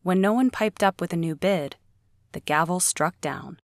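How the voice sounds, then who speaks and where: A woman reading a novel aloud as an audiobook narrator, in a steady storytelling read. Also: fairly low pitch, normal speed, no room sound, studio quality.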